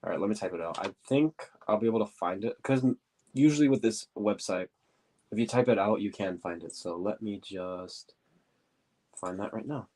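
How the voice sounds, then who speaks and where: A man with a deep, stuffy voice, answering viewer questions in a casual livestream, rambling and hunting for words. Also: normal speed, a little mellow, a little hiss or hum. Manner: rambling, searches for words, says quote-unquote often. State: stuffy nose. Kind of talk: casual livestream chat while building.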